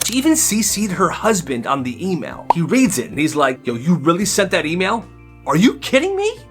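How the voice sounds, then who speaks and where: A man's voice: a little high, fairly bright tone. A young man telling stories casually in a chatty, sarcastic way, mocking the people in them. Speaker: storyteller. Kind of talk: casual storytime narration. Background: faint music.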